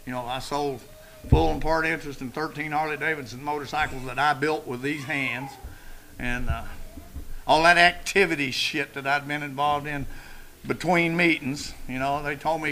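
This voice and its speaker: An older man telling his story at a recovery meeting, blunt and salted with profanity. His voice is gravelly and bright, pitched a touch high. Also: steady tone, moderate pace, low-quality recording. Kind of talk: personal recovery talk. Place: meeting room.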